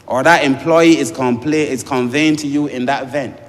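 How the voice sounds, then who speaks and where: A man's voice: mid-range voice, fairly even intonation, normal speed. A man, a member of parliament giving an emphatic debate speech, addressing the chair as sir again and again. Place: parliament chamber. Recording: long reverb of a debating chamber.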